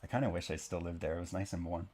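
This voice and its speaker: A man's voice: low voice, steady tone, very fast, a little mellow. A man born in Canada and raised in Oklahoma, chatting casually and joking at his own expense while he draws a map. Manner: rambling, self-deprecating, jokey asides. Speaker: map-drawing video creator. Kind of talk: casual commentary while drawing.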